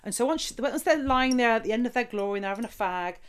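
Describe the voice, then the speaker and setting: A woman's voice: on the high side, lively intonation, fast talker, clear, resonant tone. A woman guest telling bawdy stories in a casual interview, laughing often.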